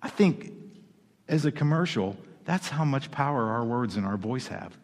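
A male pastor preaching a sermon in an emphatic, conversational way, moving between loud and hushed delivery. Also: medium pitch, lively intonation, moderate pace. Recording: long hall reverb.

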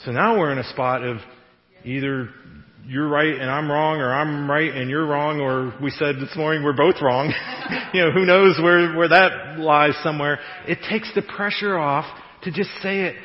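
Male pastor, conversational sermon, slightly high voice, long hall reverb. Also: normal speed. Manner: conversational, animated, laughs at own jokes. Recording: echoey hall, dull radio-like sound.

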